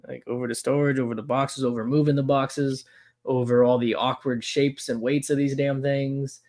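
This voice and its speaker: A man's voice: mid-range voice, flat delivery, moderate pace, darkish tone. Fed-up man rambling in casual chat. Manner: rambling, fed-up complaining with frequent fillers. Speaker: co-host of a collectibles stream.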